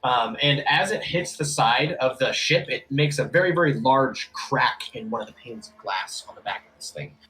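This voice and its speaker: A man's voice: medium pitch, animated, moderate pace, few pauses, sharp tone, rough recording. A man narrating as game master, casual, with many fillers.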